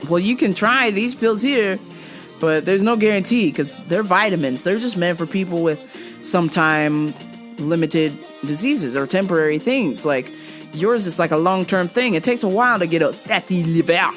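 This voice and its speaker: A woman's voice: fairly low pitch, normal speed, faint music behind. A woman hosting a podcast, telling a comic story about a customer in a loose, profane way. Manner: laughing, profane, animated storytelling. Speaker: podcast host.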